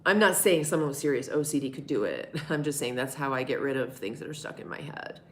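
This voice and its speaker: A woman's voice: a bass voice, fast talker, a little hiss or hum. A middle-aged woman hosting a live stream, answering chat in a candid, rambling way and swearing freely. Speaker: livestream host answering chat.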